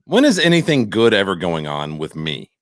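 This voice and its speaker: A man's voice: low voice, huge pitch swings, moderate pace, dry recording, clean studio sound. An older man co-hosting a podcast, rambling and self-mocking in casual chat. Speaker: podcast co-host.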